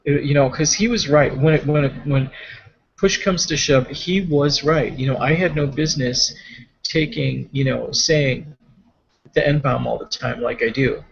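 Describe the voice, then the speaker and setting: A man's voice: medium pitch, unhurried, vocal fry, slightly rough, dull audio. A man co-hosting a casual chat, rambling along with frequent restarts, fillers and trailing thoughts. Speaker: podcast co-host.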